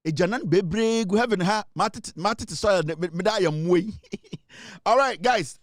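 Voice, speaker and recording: A man with a Ghanaian accent hosting a comedy show, giving laughing, animated comic commentary and mixing English into his talk. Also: sits high, normal speed, no room sound, studio quality.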